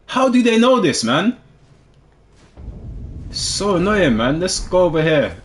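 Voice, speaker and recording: A young man with commentates his own gameplay, trash-talking opponents and then dropping into low mutters. His voice is fairly high and swings around a lot. Faint noise sits behind him. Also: takes it slowly. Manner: excitable, trash-talking, with sudden drops to muttering. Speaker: gaming video host.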